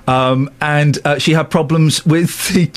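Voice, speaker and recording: A man's voice: a little high, steady tone, unhurried. A male radio host bantering on air from a studio microphone, giggling and laughing as he talks. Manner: giggly, keeps breaking into laughter.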